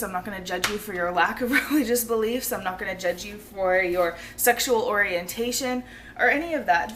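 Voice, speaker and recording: A woman, hoarse and losing her voice, talking casually and earnestly to her viewers in a rambling vlog, often laughing. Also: medium pitch, fairly bright tone, a little hiss or hum. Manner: rambling, earnest, laughs often, drops to a near-whisper at times. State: losing her voice, feeling ill. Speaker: vlogger.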